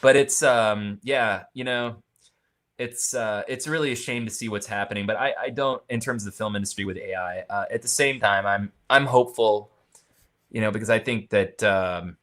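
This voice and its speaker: A man from Maryland, a filmmaker, speaks as a guest in a relaxed podcast conversation. He talks in a rambling, soft-spoken way and often trails off. His voice sits low. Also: moderate pace. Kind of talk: casual conversation.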